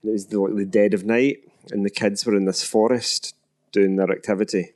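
A man's voice: lowish voice, steady tone, fairly quick, darkish tone. A man co-hosting a podcast, chatting casually and telling a story in a reflective, supportive way. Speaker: podcast co-host. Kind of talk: casual chat.

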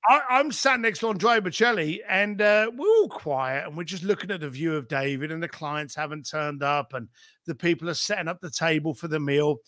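A middle-aged man with a high, bright, sharp voice tells business stories in an emphatic, animated way. He strings rhetorical questions together and swears casually. The recording is close and dry. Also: fairly quick, dry recording. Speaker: podcast guest.

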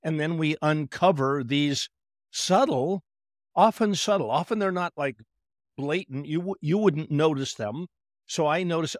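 A man, a therapist guest on a podcast, telling stories in an animated way and acting out conversations with clients. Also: a little high, a little slow, no echo, studio quality. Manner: animated storyteller, acts out client dialogue. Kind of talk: podcast interview.

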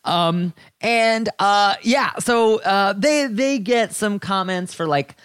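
A man's voice: high voice, takes it slowly, a bit bright, clean tone, no room sound, studio quality. A man from the American South hosting a podcast in campy, rambling casual chat. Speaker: podcast host.

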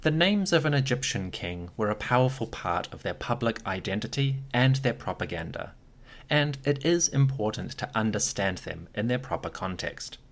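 A man hosting a history podcast, reading a scripted narration with lively storytelling and occasional wry asides. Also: fairly low pitch, normal speed. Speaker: podcast host.

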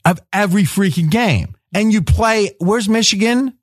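A man hosting a sports betting roundtable, pressing the others with rapid-fire questions and often cutting in. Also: high voice, dry recording, clean studio sound. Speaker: host.

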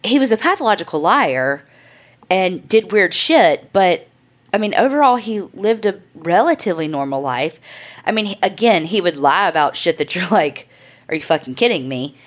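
Her voice is mid-range and sing-song, moving at a normal speed as she hosts a podcast. Telling a true crime case, she's relaxed and talkative, swearing freely and sprinkling in lots of "like" and "I mean".

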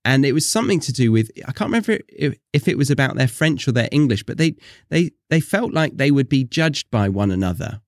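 A man's voice: medium pitch, lively intonation, a little fast, hardly any pauses, dry recording, clean studio sound. A man hosting a podcast, asking easygoing questions and reading questions from a list. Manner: easygoing, asks questions and reads out listener questions. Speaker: podcast host. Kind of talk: casual podcast interview.

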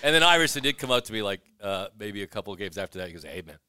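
A man's voice: lowish voice, rapid-fire, smooth, dry recording. A man who works as an arena announcer, telling stories in a casual chat and acting out what others said. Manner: animated, acts out quotes of others. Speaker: arena announcer, podcast guest. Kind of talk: casual storytelling.

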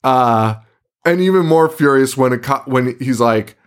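A podcast co-host with a smooth, medium-pitched voice recaps movies casually, sounding animated and laughing often. He swears freely and acts out scenes in quick put-on voices.

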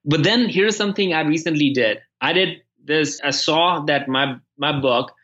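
A man talking through his experiences as an author in a casual conversation, stopping and repeating words as he goes and growing animated in his stories. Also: a little high, lo-fi sound. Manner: halting, repeats words when restarting, animated when telling stories. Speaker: podcast guest and author.

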